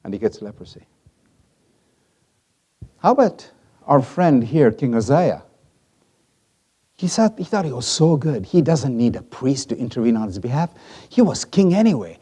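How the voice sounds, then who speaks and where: A middle-aged man preaching a sermon, telling stories dramatically and swinging from loud to hushed. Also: medium pitch, very animated, a little slow, pauses often, husky. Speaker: pastor.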